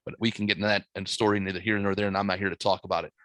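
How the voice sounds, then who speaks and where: A man hosting a podcast, telling a story in casual chat, profane and animated, getting louder as he laughs. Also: sits low, very fast, dry recording. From St. Louis, USA. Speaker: podcast host.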